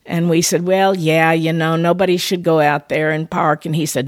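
An older woman hosting a message, telling a personal story in an animated, conversational way with playful asides. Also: sits low, moderate pace, few pauses, no echo, clean studio sound.

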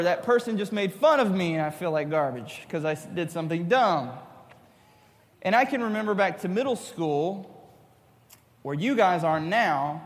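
Man, 30s, youth speaker, high-pitched, animated, long reverb. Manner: animated, acts out his younger self. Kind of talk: youth talk to middle schoolers.

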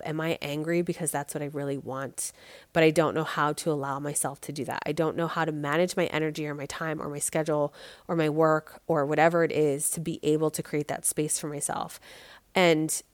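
A woman's voice: low voice, little pitch movement, fairly quick, no room sound. A woman in her thirties hosting a solo podcast, talking candidly and conversationally with many "like" fillers. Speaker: podcast host.

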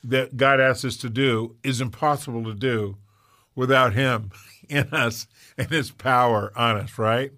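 A man's voice: mid-range voice, measured pace. A man in his sixties hosting a Christian talk show, telling stories with animation and frequent laughter. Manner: animated storyteller, laughs often. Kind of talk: faith-based conversation.

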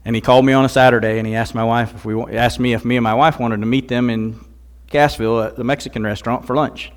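A man's voice: medium pitch, steady tone, fast, clean tone. Older man, guest preacher, earnest testimony, bursts of emphasis. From Missouri, USA. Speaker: guest speaker. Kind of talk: sermon with personal testimony.

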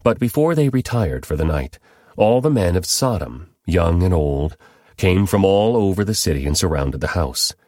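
A man narrates scripture in a steady, measured way. His voice is very low and deep. The recording is dry and close, with no room sound. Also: dry recording. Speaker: Bible reader.

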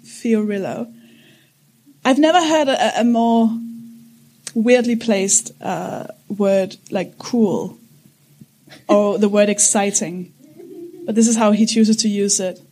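A woman's voice: mid-range voice, takes it slowly, long pauses, warm tone. A woman in her thirties co-hosting a casual chat podcast, rambling and giggling as she explains things. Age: 30s. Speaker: podcast co-host.

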